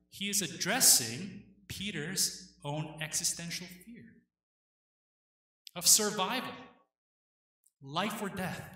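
A man's voice: high-pitched, lively intonation, pushed and bright, recorded from a distance. Man preaching in an echoey hall. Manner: earnest preaching with dramatic pauses. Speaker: pastor. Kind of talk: sermon.

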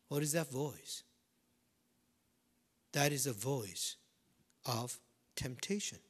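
A man preaching a sermon, swinging from loud emphasis to hushed near-whispers and repeating key phrases slowly. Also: medium pitch, lively intonation, breathy edge. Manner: slow, deliberate delivery with repetition.

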